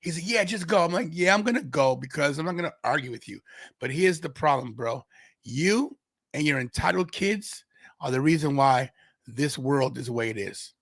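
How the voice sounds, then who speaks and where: A fairly high-voiced man from Brooklyn, tells a story on his podcast. He acts out the other people's lines in quick voices. The sound is close and dry. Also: expressive, a bit bright, dry recording. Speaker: podcast host.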